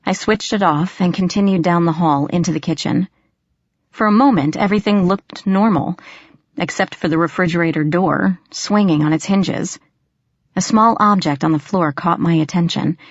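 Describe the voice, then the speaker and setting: A woman reading a first-person audiobook in a measured, tense storytelling manner, in a dull, dry lo-fi recording. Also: fairly low pitch, no echo. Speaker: audiobook narrator.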